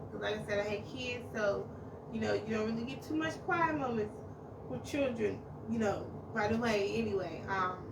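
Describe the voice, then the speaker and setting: A woman co-hosting a podcast who shares personal advice gently, pausing with fillers. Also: fairly high pitch, creaky, reverberant, recorded from a distance, background noise. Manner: halting, gentle, many fillers. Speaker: podcast co-host.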